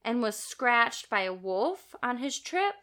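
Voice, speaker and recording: Bright-voiced woman telling a story. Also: fairly high pitch, big pitch swings, takes it slowly. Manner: storytelling, recounting cases with frequent small laughs. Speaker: podcast co-host. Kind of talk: casual chat.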